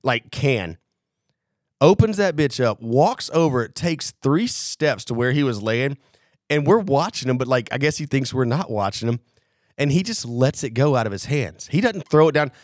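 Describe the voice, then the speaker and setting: A man's voice: medium pitch, moderate pace, no echo. Profane storytelling man, dry close sound. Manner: animated, profane, acts out quotes. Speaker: podcast co-host. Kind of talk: casual storytelling chat.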